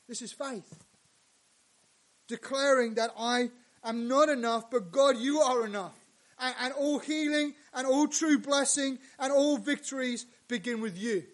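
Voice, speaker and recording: A male pastor preaching a sermon, dropping to hushed lines and rising to loud, emphatic ones. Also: very high voice, measured pace.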